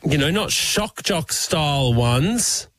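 A man co-hosting a radio show, bantering casually and joking with quick laughs. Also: fairly high pitch, animated, a bit bright, a little hiss or hum.

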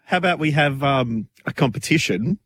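A man, co-hosting a casual radio chat, laughing through quick comic asides. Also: mid-range voice, expressive, fairly bright tone, no echo, clean studio sound. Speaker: radio co-host. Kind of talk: casual banter on a radio show.

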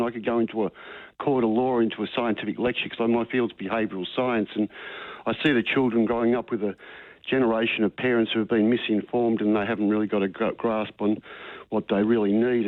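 A man's voice: medium pitch, no echo. An Australian man calling in to a talkback radio show, insistent and rambling, calling the host mate. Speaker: caller. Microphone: phone. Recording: tinny phone line.

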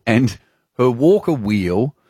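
A radio host spinning a yarn with lots of laughter and animation. His voice is slightly husky, and his pitch swings widely. It is recorded close and dry in a studio. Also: sing-song, takes it slowly, mellow, dry recording. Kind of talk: casual radio chat, storytelling.

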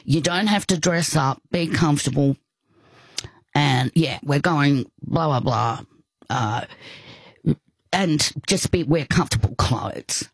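This is a brash, bossy friend, as a woman puts her on, firing off plans in a fast, teasing rush. The voice is low and husky. It is recorded close and dry. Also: no room sound, full character voice. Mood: insistent. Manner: rapid, insistent, teasing.

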